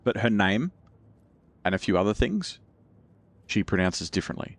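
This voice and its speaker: A man's voice: lowish voice, big pitch swings, normal speed, dry recording. A man streaming a video game, chatting casually and musing aloud, his voice jumping up when surprised. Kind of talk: casual let's-play commentary.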